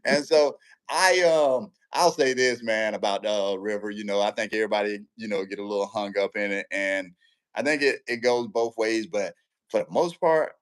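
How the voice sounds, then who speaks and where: A man, an umpire guest in a casual interview, telling lively stories and often checking in with the listener. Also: lowish voice, normal speed. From Central Texas.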